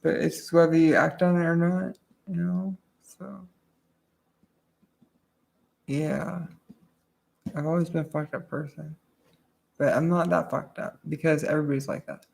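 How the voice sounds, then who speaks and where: A woman streamer in a casual, confessional chat, rambling and swearing, often trailing off quietly. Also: low voice, steady tone, a little slow, gravelly, pauses often.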